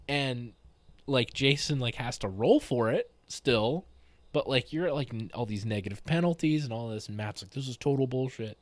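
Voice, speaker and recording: A man with a mid-range voice and lively intonation casually tells a funny story about a tabletop game he ran, energetically quoting his players. He speaks at a moderate pace, and there's no room sound.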